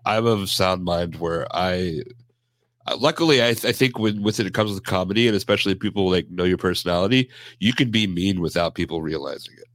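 A man's voice: sits low, brisk, no room sound. A man co-hosting a podcast, chatting casually and laughing often. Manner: laughs often, lively and expressive. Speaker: podcast co-host. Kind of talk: casual chat.

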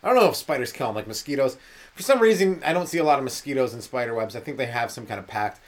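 A man's voice: medium pitch, lively intonation, racing. A male comedian hosting a podcast, rambling through a loose, profane solo monologue and dropping into mocking voices for the people he quotes.

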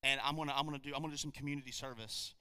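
Man putting on a pleading criminal, low hushed voice, rambling apologies, self-pitying. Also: steady tone, very fast, smooth, no echo. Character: remorseful male criminal begging a judge.

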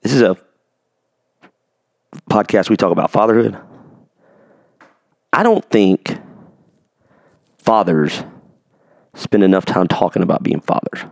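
A man's voice: on the low side, unhurried, vocal fry, pauses often, dry recording, studio quality. A man hosting a podcast about fatherhood, talking earnestly in a rambling, casual way and often asking if it makes sense. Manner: earnest, rambling, asks for agreement. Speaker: podcast host.

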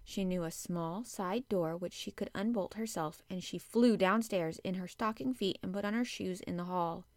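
A woman reading a classic children's novel aloud, measured and gentle. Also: fairly low pitch, dry recording, studio quality. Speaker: audiobook narrator. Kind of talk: storybook narration.

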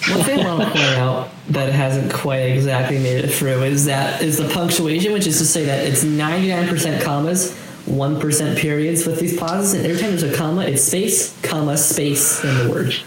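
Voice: medium pitch, moderate pace. A cohost on a comedy podcast, chiming in with chatty, explanatory remarks. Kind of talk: comedic banter. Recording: very echoey with crowd noise.

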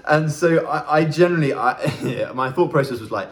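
A man's voice: fairly high pitch, lively intonation, moderate pace, few pauses. Chatty young man giving a devotional. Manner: chatty, self-deprecating, laughs while telling stories. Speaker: church worker training as vicar. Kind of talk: devotional Bible talk.

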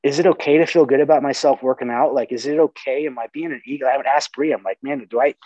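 A man's voice: medium pitch, steady tone, quick pace, a little mellow, no echo. A man in casual podcast conversation, talking earnestly, swearing casually and often restarting his sentences. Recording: dull lo-fi sound.

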